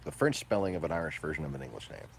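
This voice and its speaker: A man delivering a profane, combative ranting monologue, moving between low mutters and loud outbursts. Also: sing-song, racing, gravelly, a little hiss or hum.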